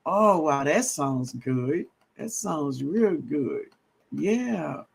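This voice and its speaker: A man hosting a casual gardening livestream, greeting viewers warmly and reading out their comments with a relaxed drawl. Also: on the high side, very slow, creaky, breathy edge. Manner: drawling, greets viewers as baby, laughs often. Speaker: livestream host. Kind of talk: casual live-stream chat reading comments.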